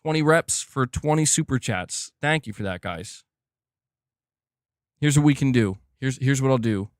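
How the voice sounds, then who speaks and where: A man's voice: medium pitch, animated, measured pace, dry recording, clean studio sound. A man hosting a gaming news livestream in casual commentary, reading donations aloud and talking straight to his chat. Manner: chatty, reads donations aloud, talks to chat directly.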